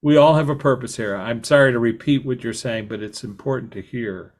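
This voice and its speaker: A man hosting a podcast interview, talking in a halting way with many fillers and restarts. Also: mid-range voice, darkish tone. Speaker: podcast host. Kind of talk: conversational interview.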